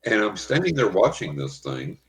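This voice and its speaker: A man's voice: on the low side, huge pitch swings, moderate pace, a bit bright, rough recording. An older man telling a vivid personal story as a guest in an interview, acting out his own reactions.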